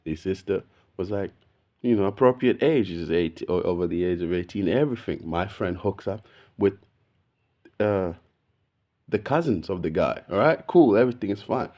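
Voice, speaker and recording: A man, telling a story in a casual, slangy, animated way, saying "bro" all the time. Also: deep voice, normal speed. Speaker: video podcast host.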